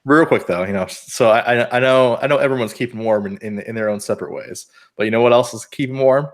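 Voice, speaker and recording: Hosting a laid-back podcast streamed live, this West Coast American talks fast in a mid-range voice. He rambles, often repeating words and starting his sentences over.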